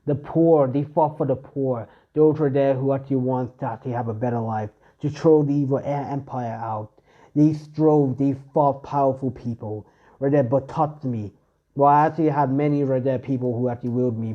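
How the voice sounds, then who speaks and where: A man's voice: medium pitch, steady tone, normal speed, muffled recording, natural voice. A man voicing the solemn spirit of a legendary armor, rambling with many fillers.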